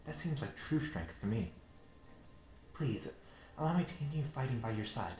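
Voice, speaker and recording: An earnest young woman knight, soft-spoken and a little shy, as a man reads her lines. Her game dialogue comes through an echoey room. Soft game music plays behind her. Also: medium pitch, lively intonation, moderate pace, close to an everyday voice.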